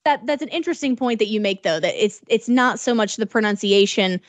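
A woman from southern Illinois, co-hosting a podcast in lively casual chat, laughing often as she tells stories. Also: medium pitch, a little fast, no echo. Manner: animated, laughs often, storytelling. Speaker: radio podcast co-host.

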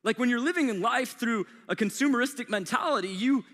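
A fairly high-voiced man in his thirties preaches to a young crowd, loose and conversational, slipping in jokes. His voice rings out with a long reverb from the church auditorium. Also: fairly quick, fairly bright tone. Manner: casual and conversational, joking with the crowd. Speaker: college ministry pastor. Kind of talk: live sermon. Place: church auditorium with a live audience.

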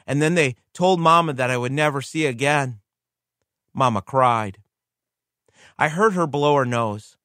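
A man's voice: medium pitch, fairly bright tone, dry recording, studio quality. A man voicing an earnest, eager blind little girl who dictates a heartfelt letter to her grandfather.

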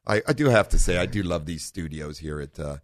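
A middle-aged man hosting a car talk radio show in a studio, relaxed and rambling, often correcting himself. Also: low voice, brisk, no room sound. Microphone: studio microphone.

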